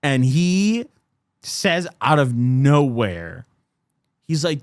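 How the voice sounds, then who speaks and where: A man's voice: medium pitch, very slow, long pauses, no echo, clean studio sound. A young man hosting a podcast, telling a story in casual chat and animatedly acting out the people in it. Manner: animated, acts out quotes with swearing. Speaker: podcast host.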